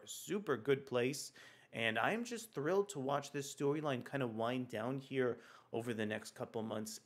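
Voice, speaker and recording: A man hosting a casual livestream, chatting enthusiastically with frequent fillers. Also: mid-range voice. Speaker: livestream host. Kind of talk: casual comics news livestream.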